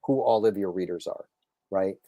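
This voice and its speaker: A man, a comic book writer and guest on a casual podcast interview, telling stories with lively acted-out quotes and many restarts. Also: low-pitched, moderate pace, no room sound, studio quality. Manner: animated storyteller, acts out quotes, frequent restarts.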